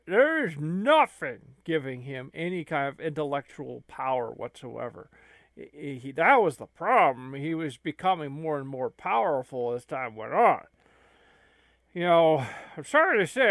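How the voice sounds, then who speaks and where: A man's voice: fairly high pitch, a bit bright, dry recording. A man hosting a gaming channel, rambling and stammering through an improvised comedy skit. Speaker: channel host.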